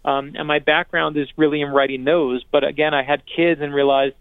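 A male author telling stories in an interview, earnest and energetic, often restarting and repeating words. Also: fairly high pitch, brisk, creaky, clear, resonant tone, no room sound. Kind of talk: animated storytelling conversation. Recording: dry, narrow phone-like sound.

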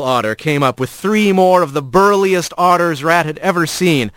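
A man reading a storybook aloud as narrator, in an expressive, animated way. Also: a little high, normal speed, few pauses, clean tone, no room sound.

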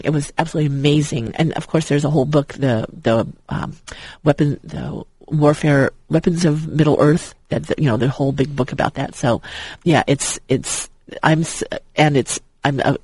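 A man's voice: on the high side, moderate pace, darkish tone, slightly rough, no echo, poor audio. A man chatting as an enthusiastic movie fan, rambling with many restarts and fillers. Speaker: guest.

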